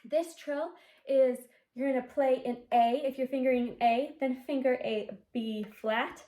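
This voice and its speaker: A high-pitched woman gives a patient flute lesson, walking through tenutos, staccatos and accents one at a time and singing short syllables to show each one. Her voice rings in a noticeably echoey room. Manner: clear step-by-step explaining, sings articulation syllables. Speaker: flute teacher. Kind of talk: instrumental music lesson.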